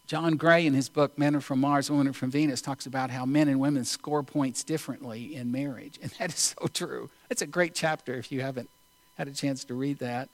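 A male preacher giving a sermon, telling a story in an unhurried, deliberate way with pauses. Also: mid-range voice, steady tone, no room sound.

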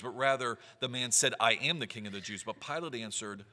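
Male preacher, earnest sermon delivery, sharp bright tone, long hall reverb. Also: medium pitch, brisk, hardly any pauses. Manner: earnest, reads scripture aloud with rising emphasis.

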